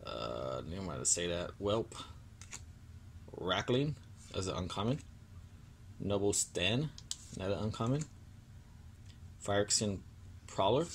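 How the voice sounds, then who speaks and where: Young male vlogger, fairly low voice, casual, grumbling and sorry, faint background hiss. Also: expressive. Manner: annoyed, apologetic, reads card names haltingly. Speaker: card-opening video host. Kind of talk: casual pack-opening vlog.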